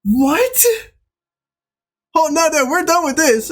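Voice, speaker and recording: Excitable gaming host. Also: mid-range voice, a little slow, long pauses, soft background music. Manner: excitable, joking. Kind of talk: casual gaming commentary.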